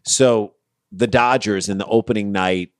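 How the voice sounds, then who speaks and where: A man's voice: lowish voice, measured pace, no echo, clean studio sound. A man co-hosting a comedy podcast, casual and jokey, often jumping in with bursts of enthusiasm. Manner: excitable, jokey, jumps in often. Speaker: podcast co-host.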